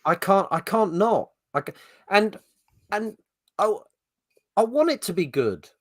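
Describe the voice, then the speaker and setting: A man's voice: high-pitched, expressive, a little slow, a bit bright, no room sound, clean studio sound. A middle-aged man co-hosting a podcast, ranting in exasperation and swearing freely in casual chat. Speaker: podcast co-host.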